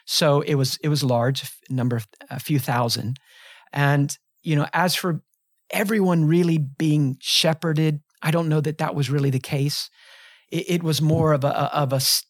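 A man's voice: fairly high pitch, dry recording. Middle-aged pastor guy on a podcast, earnest, lots of restarts, dry close mic. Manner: earnest and reflective, many restarts. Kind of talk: podcast conversation, telling a personal story. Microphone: close studio mic.

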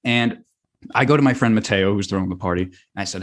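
A young American man telling a rambling, animated story on a podcast, full of fillers and swearing. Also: fairly low pitch, quick pace, slightly rough. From United States. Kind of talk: casual storytelling.

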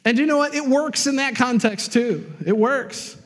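A man preaching in a church sanctuary, his voice high and carrying, pressing his points with rising emphasis and frequent calls of amen. The sound hangs in the long reverb of a large hall. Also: normal speed. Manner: emphatic preacher with call-and-response asides. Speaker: pastor. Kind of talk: sermon.

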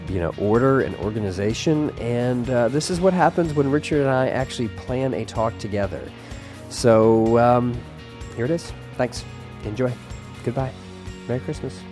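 A man's voice: mid-range voice, in a large hall. A man hosting a podcast and team-preaching a sermon on a church stage, joking and rambling with self-deprecating asides.

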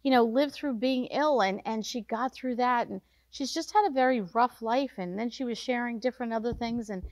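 A woman's voice: a little high, moderate pace, no room sound. A woman hosting a devotional podcast, speaking earnestly and urging listeners with repeated short commands. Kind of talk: devotional talk.

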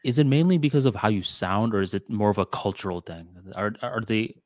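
A man's voice: on the low side, lively intonation, a little fast, darkish tone, no echo, studio quality. A man with an American accent who was born in Bangladesh, hosting a casual podcast conversation and asking his guest curious questions. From Bangladesh, raised in the U.S. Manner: curious, asks question after question. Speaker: podcast host.

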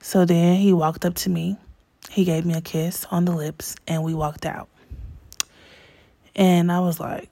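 A woman telling a candid personal story in a chatty way, full of fillers, sometimes dropping into hushed asides. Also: fairly low pitch, level tone, measured pace, pauses often, husky, no room sound.

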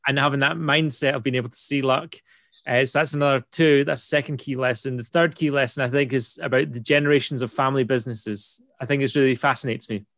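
A man's voice: medium pitch, steady tone, fast talker, fairly bright tone, no echo, clean studio sound. A British man hosting a casual chat, upbeat and persuasive, often checking in with "right?". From Britain. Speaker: host.

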